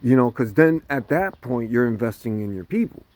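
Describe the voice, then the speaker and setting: A man's voice: mid-range voice, normal speed, no room sound. A man ranting casually to camera, swearing constantly and laughing between lines. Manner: profane, laughing often, animated. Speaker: vlogger.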